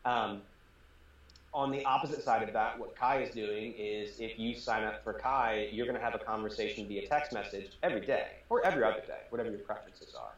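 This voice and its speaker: A man's voice: on the low side, a little fast. A man, a startup founder, explaining his work earnestly as a guest in a casual interview. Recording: roomy, dull remote audio.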